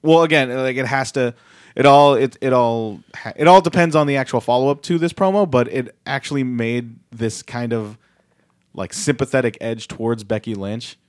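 A man's voice: mid-range voice, normal speed, no room sound, clean studio sound. A man co-hosting a casual chat, thinking aloud with frequent restarts and analysis. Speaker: podcast co-host. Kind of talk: casual wrestling discussion.

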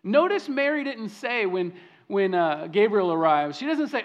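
A pastor preaching a sermon with lively delivery, repeating words and swinging from loud emphasis to hushed lines. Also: male voice, high voice, normal speed, muffled recording.

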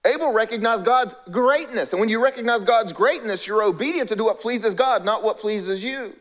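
A man preaching a sermon in a high, light voice. He speaks to the congregation in a conversational way. He acts out short lines for the characters in the stories he tells. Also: moderate pace, a bit bright. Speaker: pastor.

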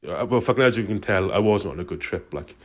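A man's voice: fairly low pitch, lively intonation, fast talker. A man calling in to tell a long, rambling story, swearing in nearly every sentence. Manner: profane, swears constantly; loose, meandering storytelling. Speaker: caller.

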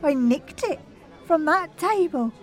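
A man's voice: very high-pitched, animated, takes it slowly, voice pushed up, exaggerated voice. A man voicing a mischievous, playful young woman companion, giggly and conspiratorial.

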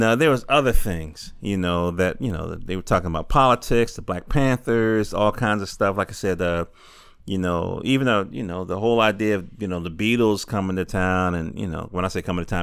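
A middle-aged man talks in a loose stream of consciousness, his voice low and smooth. He drifts between thoughts with plenty of fillers and casual swearing. The sound is dry and close, with no room around it. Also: fairly bright tone, dry recording. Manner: loose and digressive, full of fillers and profanity. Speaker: podcaster. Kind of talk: rambling stream-of-consciousness monologue. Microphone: handheld field recorder.

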